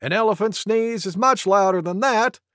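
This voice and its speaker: A storybook narrator voicing a small, fussy porcupine in a higher, insistent voice. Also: moderate pace, a bit bright, no echo, studio quality, lightly acted.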